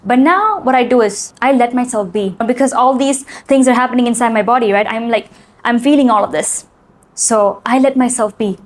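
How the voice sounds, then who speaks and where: Chatty earnest woman, slightly high voice. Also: brisk. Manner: chatty, earnest, frequent "like" and "right?". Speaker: self-help video host. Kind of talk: casual talk to camera.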